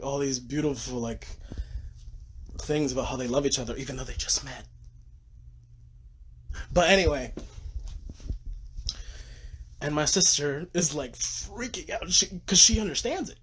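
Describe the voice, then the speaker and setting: A man's voice: on the high side, normal speed, long pauses, a little hiss or hum. A sleep-deprived man livestreaming from a room at home on his phone, gushing and rambling about movies and swearing freely. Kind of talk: casual livestream rant.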